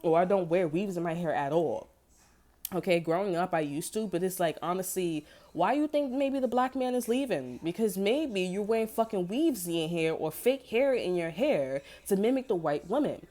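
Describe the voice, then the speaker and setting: A woman in a loose, unscripted rant to camera, swearing freely and jumping between thoughts. Her voice sits somewhat low. She sounds fed up but keeps talking. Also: lively intonation, moderate pace, warm tone. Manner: heated, profane and rambling. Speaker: tarot reader.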